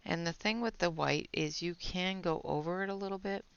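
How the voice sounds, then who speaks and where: A woman's voice: fairly low pitch, moderate pace, creaky, clean tone, no room sound. A woman hosting a colouring channel, chatting step by step through a pencil demo, a little out of breath. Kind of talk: casual product demo while colouring. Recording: dull lo-fi audio.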